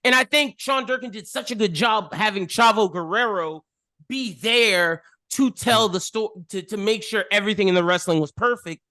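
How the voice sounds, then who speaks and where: Woman, podcast co-host, casual film review, ranting, bright tone, dry sound. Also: mid-range voice, no room sound. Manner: animated, ranting, rapid opinions.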